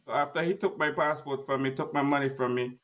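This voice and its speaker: A man's voice: mid-range voice, steady tone, fast, a bit bright, far from the mic, a little hiss or hum. A man as a guest, telling a personal story in plain, emphatic words and acting out the dialogue.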